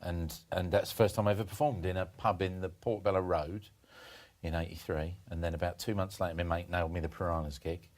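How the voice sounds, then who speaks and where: A man in his fifties telling stories on a podcast, animated, with many restarts and bursts of laughter. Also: deep voice, fast talker. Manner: animated anecdote-telling, jumps into comic voices for quoted people. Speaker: podcast guest, former performance poet. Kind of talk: casual storytelling chat.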